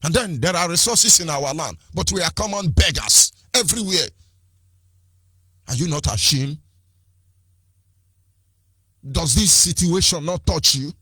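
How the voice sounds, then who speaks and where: Fiery Nigerian man with a husky voice. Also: a little high, lively intonation, moderate pace, pushed and bright, no echo, studio quality. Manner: fiery, rhetorical, repeats phrases, switches into Igbo and Pidgin. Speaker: activist speaker. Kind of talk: impassioned political address.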